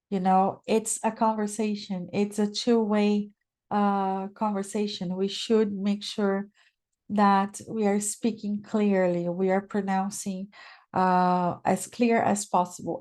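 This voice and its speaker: A woman's voice: medium pitch, darkish tone. Female guest speaker, non-native English, webinar presenter, explanatory, checks in with the audience. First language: not English.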